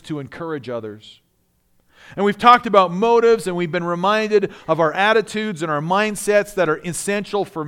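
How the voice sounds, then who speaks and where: A man's voice: high-pitched, a bit bright, clean tone. A man, a pastor, preaching a sermon in a conversational way with asides.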